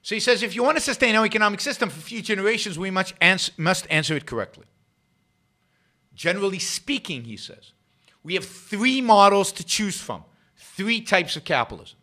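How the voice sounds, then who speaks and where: A man hosts a solo commentary show, arguing point by point and driving ideas home through repetition. His pitch sits a touch high and swings widely as he presses each argument. The tone is bright and forceful. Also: big pitch swings, fairly quick. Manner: emphatic, argumentative, repeats phrases for effect. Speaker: show host. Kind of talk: solo political commentary livestream.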